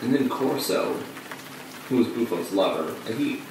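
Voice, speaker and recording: An actor playing a male off-off-Broadway performer who tells his story in a halting way, with dark, bitter laughs. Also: medium pitch, lively intonation, background noise, lightly acted. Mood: rueful. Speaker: actor in a monologue. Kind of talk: stage monologue on film. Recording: distant echoey room with rain.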